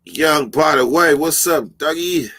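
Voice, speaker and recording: Profane, animated man chatting on a live stream. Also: fairly high pitch, measured pace. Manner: profane, animated storytelling, laughs often. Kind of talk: casual live stream chat.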